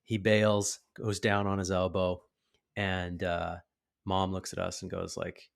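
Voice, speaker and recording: Podcast host, man in his 30s, low gravelly voice, animated storyteller. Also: a little slow. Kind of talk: casual conversation.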